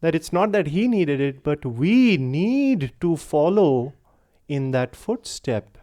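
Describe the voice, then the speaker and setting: A young man with an Indian English accent giving an earnest satsang talk, retelling a story with gentle pauses. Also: fairly high pitch, big pitch swings. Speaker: spiritual teacher.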